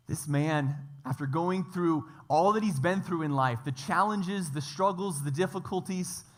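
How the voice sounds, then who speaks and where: A man's voice: a little high, unhurried. A man preaching a church sermon, emphatic, stacking up repeated phrases and lists. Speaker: pastor.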